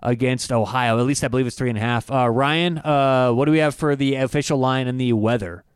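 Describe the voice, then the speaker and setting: A man co-hosting a sports betting podcast, talking in an animated, emphatic way and swearing casually. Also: mid-range voice, fairly quick, clear, resonant tone, no echo, clean studio sound. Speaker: podcast co-host, sports bettor.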